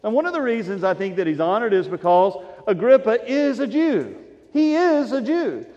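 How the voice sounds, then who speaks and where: A man preaching a sermon as pastor, animated and swinging between soft asides and loud emphasis. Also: high-pitched, moderate pace. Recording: dull sound with long hall reverb.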